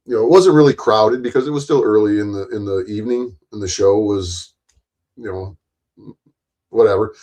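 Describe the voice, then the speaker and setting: Man telling a rambling, profane concert story. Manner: rambling and animated, acts out quoted lines in a louder, higher voice.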